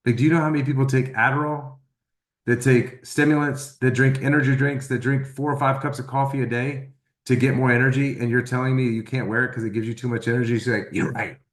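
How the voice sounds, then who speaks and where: Man telling an animated testimonial story. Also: mid-range voice, fast, reverberant. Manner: animated storyteller acting out quoted dialogue. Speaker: testimonial speaker.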